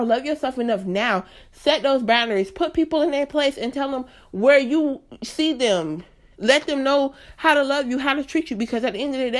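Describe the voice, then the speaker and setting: A woman in her late twenties hosting a solo podcast, talking candidly and earnestly straight to her listeners in a chatty, emphatic way. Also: high voice. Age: late 20s. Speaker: podcast host.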